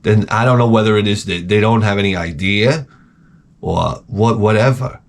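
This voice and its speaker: A man's voice: fairly low pitch, normal speed. A man hosting a show, rambling through crude comedic chat and trailing off into mumbled asides. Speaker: show host.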